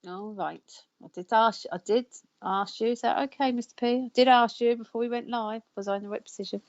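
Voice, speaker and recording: A woman's voice: a little high, fairly even intonation, fairly quick, muffled recording. Chatty woman hosting a live show. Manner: chatty, laughs often, stumbles over names. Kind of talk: casual live-stream chat.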